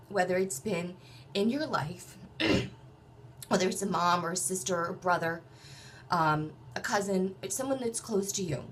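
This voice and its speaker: A woman's voice: medium pitch, slight background noise. Chatty woman telling a personal story. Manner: animated, acts out others' voices; chatty, many fillers and restarts.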